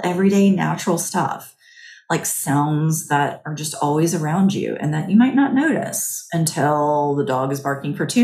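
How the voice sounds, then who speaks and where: A woman hosting a podcast, giving a gentle, chatty guided mindfulness talk that keeps asking "right?". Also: deep voice, echoey room. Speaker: podcast host.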